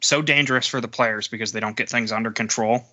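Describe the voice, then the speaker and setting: Bright-toned podcast co-host recounting games. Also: male voice, fairly low pitch, quick pace, lo-fi sound. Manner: storytelling, animated recounting. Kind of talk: casual sports chat.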